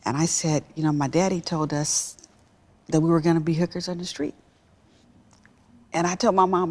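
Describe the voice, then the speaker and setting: A woman executive telling a personal story in a talk-show interview, emphatic and animated. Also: low voice, normal speed, pauses often. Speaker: guest, business executive.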